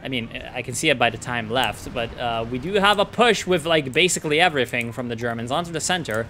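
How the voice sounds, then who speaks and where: A man casting a strategy game in casual, excitable commentary, swearing and ranting at the players. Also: mid-range voice, quick pace, slight background noise. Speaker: game caster.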